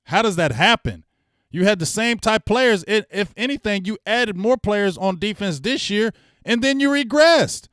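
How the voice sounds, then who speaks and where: A man's voice: sits high, expressive, normal speed, fairly bright tone, no echo, studio quality. A middle-aged man hosting a sports fan show, ranting bluntly and heatedly in slangy casual speech. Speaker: sports talk host. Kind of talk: fan rant commentary.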